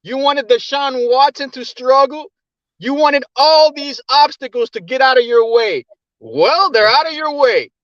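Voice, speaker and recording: Man, podcast caller, very high voice, dry muffled line, emphatic questions. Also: animated, measured pace, fairly bright tone, no echo. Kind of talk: casual fan debate.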